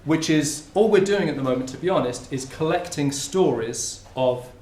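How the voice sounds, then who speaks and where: A man's voice: a little high, animated, moderate pace, a little mellow. A man giving a conference talk in a lecture room, in an informal, conversational way. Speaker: academic speaker. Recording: roomy lecture hall with faint ambience.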